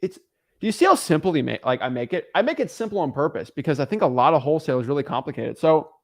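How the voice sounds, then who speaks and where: Fast, very animated, and somewhat high-pitched, this young man's voice drives home his points as he teaches real estate wholesaling over a live stream. He repeats himself for emphasis and mimics callers along the way.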